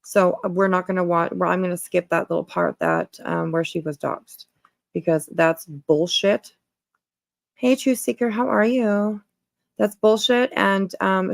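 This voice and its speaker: Gravelly woman hosting a livestream. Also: lowish voice, no echo. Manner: greets chat viewers, many fillers and repeats. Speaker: livestream host. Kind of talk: casual livestream chat.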